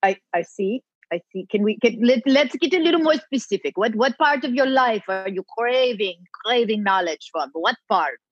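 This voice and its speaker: A woman's voice: a little high, animated, moderate pace, hardly any pauses, no room sound. Woman doing a pompous guru lady w a fake accent, kinda dull dry sound. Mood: haughty. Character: pompous self-declared female guru. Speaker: comedy podcast regular. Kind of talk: improvised comedy sketch.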